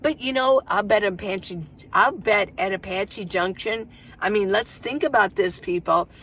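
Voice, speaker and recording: A woman's voice: medium pitch, measured pace, fairly bright tone, slight background noise. An older woman vlogging about van life, chatting casually and telling stories in a folksy way. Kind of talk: casual chat to camera.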